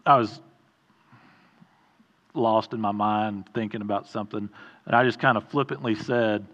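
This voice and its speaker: A man's voice: fairly low pitch, fairly even intonation, normal speed, pauses often, a bit bright, muffled recording. A middle-aged man preaching an informal sermon in a conversational way, often stopping, restarting and adding asides.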